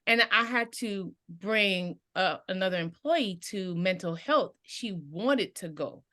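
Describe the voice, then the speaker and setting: A woman's voice: medium pitch, expressive, takes it slowly, pushed and bright. A woman in casual conversation about grief, animatedly telling personal stories and acting out the voices of the people in them.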